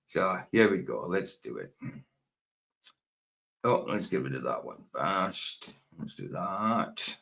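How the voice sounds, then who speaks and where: A man in his forties talks through a late-night reaction video, rambling and correcting himself as he goes. His voice sits a little low. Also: very animated, takes it slowly, gravelly, long pauses, a bit bright. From Scotland. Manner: rambling, self-correcting, chatty. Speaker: YouTube reaction host.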